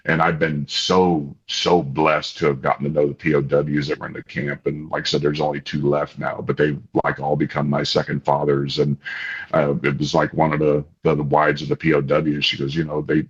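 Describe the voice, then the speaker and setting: A man, an interview guest and family spokesman, telling stories in an excitable, animated way with many restarts. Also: extremely low pitch. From Kansas. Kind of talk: casual interview storytelling. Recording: slightly dull lo-fi audio.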